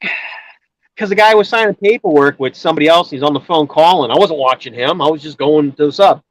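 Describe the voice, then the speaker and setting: Speaking fast in a fairly high voice, this male guest wanders through a lengthy personal tale over casual chat, full of restarts and fillers. The low-quality recording has no room sound.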